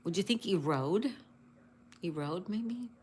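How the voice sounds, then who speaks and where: A woman's voice: lowish voice, lively intonation, slow, darkish tone, a little hiss or hum. A woman hosting a casual livestream, greeting viewers, reading chat aloud and spelling out crossword answers. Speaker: livestream host.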